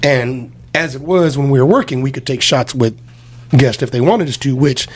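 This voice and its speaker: A man's voice: mid-range voice, moderate pace, husky. A man telling profane drinking stories in casual podcast chat, acting out the quotes as he goes. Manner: profane, animated storytelling with acted-out quotes.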